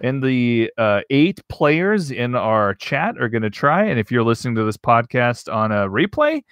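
A man's voice: mid-range voice, animated, normal speed, fairly bright tone, clear, resonant tone, no room sound, clean studio sound. Playful teasing man on a podcast. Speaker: podcast co-host. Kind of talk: casual chat.

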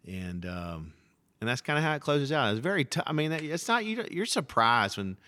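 A man who is a pastor, chatting on a podcast and telling stories in an animated, rambling way. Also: medium pitch, normal speed, no echo. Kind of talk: casual podcast conversation.

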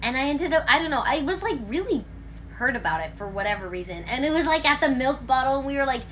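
A woman's voice: high voice, fast, slight background noise. A woman hosting a casual chat at home, rambling through stories with lots of fillers. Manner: rambling, filler-heavy, animated storytelling. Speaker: host.

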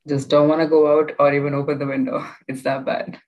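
Young female student guest, low voice, chatty, rambling delivery full of fillers. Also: level tone, brisk, lo-fi sound. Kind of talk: casual interview.

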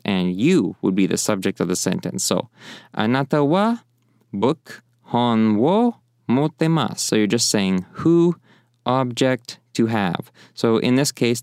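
A man teaching a casual language lesson, rambling a little and slowing down to repeat example phrases. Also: lowish voice, darkish tone, smooth, dry recording, studio quality.

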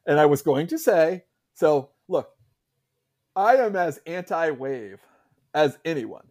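Male co-host, slightly higher voice, rambling casual sports chat. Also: expressive, takes it slowly, a little mellow. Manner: rambling, lots of "like" and restarts. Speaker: podcast co-host.

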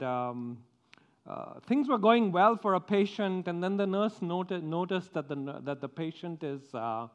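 Slow, halting man in church. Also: on the high side, clear, resonant tone. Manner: halting, many restarts and pauses. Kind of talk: church announcements.

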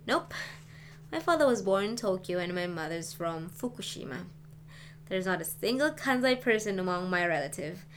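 A woman's voice: fairly low pitch, normal speed, a little hiss or hum, close to an everyday voice. A woman reading as a chatty frank young woman. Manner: animated, talkative. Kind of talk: audiobook reading.

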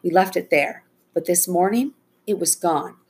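An eager young boy who brags and explains with confidence, voiced by a woman in a raised, husky tone. He speaks in quick, proud bursts in this storybook reading. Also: fairly low pitch, darkish tone. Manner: eager, boastful.

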